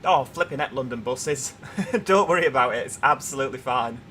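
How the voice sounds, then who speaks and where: Bright chatty Yorkshire man streaming. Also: mid-range voice, fairly quick, slight background noise. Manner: chatty, reads viewer comments aloud. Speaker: livestream host. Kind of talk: casual livestream chat.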